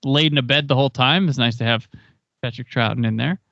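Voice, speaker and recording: A man's voice: medium pitch, fast, gravelly, a bit bright, no room sound, highs cut off. A man hosting a casual podcast, reading a plot summary aloud and then joking and chatting about it. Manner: reads plot summary, then jokes and chats. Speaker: podcast host. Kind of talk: casual podcast chat recapping an episode.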